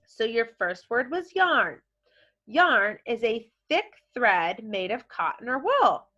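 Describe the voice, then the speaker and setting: Slow, lively woman teaching young kids. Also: fairly high pitch, lo-fi sound. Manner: encouraging, models words in playful voices. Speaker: elementary school teacher. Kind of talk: recorded vocabulary lesson for children.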